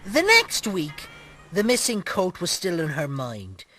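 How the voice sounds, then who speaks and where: Cantankerous Irish puppet bully; needs a high, bright, bouncing sneer. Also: male voice, wildly swooping pitch, measured pace, slight background noise, full character voice. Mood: storytelling. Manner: mocking, insulting, gleefully crude. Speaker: puppet show co-host. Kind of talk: comic puppet storytelling and bickering.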